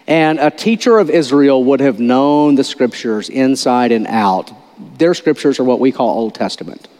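A man's voice: medium pitch, darkish tone, in a large hall. A male pastor preaching an informal, conversational sermon, often repeating words and quizzing his listeners.

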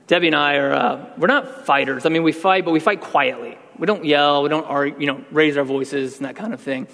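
A man's voice: fairly high pitch, a little fast, fairly bright tone, big-room sound. A man pastor giving a sermon, talking conversationally and then building to emphatic outbursts.

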